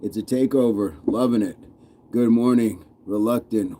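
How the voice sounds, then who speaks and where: Lowish and dark in tone, this man's voice moves at a moderate pace, with a slight hiss or hum in the audio. He's a U.S. fitness channel host casually reading live chat comments aloud, playful and loose, chuckling frequently.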